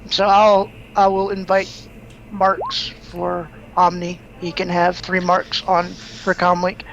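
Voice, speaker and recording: A woman playing in a tabletop role-play session, laying out her character's plans in a brisk, businesslike way. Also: lowish voice, level tone. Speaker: player. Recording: dull lo-fi mic with faint noise.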